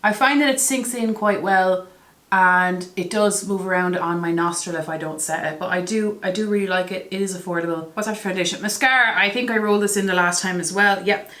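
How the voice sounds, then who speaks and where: A woman's voice: mid-range voice, fairly quick, bright, forceful tone, echoey room. A woman reviewing her makeup products in a chatty, self-deprecating way. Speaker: beauty vlogger. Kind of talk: casual product review vlog.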